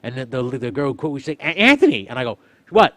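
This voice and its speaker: A young man casually telling a story on a stream, swearing often and loudly acting out what people said. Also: medium pitch, fast talker, no echo. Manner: animated, swearing, acts out quotes loudly. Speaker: streamer, host.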